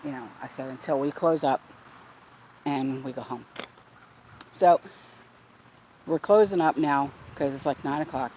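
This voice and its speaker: A woman's voice: very deep voice, measured pace, long pauses, warm tone, slight background noise. A woman vlogger telling a story in a casual, blunt way, swearing freely, recorded outdoors in her backyard garden.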